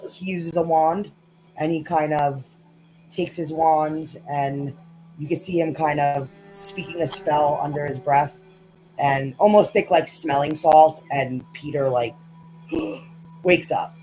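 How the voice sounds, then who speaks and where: A woman narrating as game master in a tabletop game, casual and halting with many fillers. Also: sits low, darkish tone, low-quality recording.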